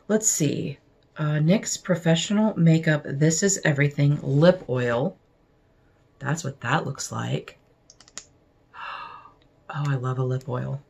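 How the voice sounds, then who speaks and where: A woman unboxing beauty products at home, chatting casually and gushing with excitement, now and then dropping to a soft whisper. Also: sits low, gravelly, slight background noise. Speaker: beauty vlogger unboxing mail.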